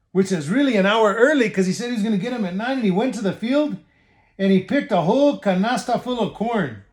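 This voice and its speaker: A man reads a children's picture book aloud, pausing for explanatory asides. His voice is high for a man. He shifts easily between languages as he reads. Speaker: state official reading to children.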